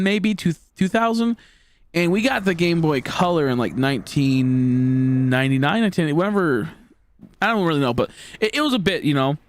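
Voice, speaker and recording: Twenties male streamer, loose rambling storyteller who swears freely, voice sitting a bit high, dry close sound. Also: dry recording. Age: 20s. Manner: rambling, heavy on fillers and swearing. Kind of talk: casual storytelling.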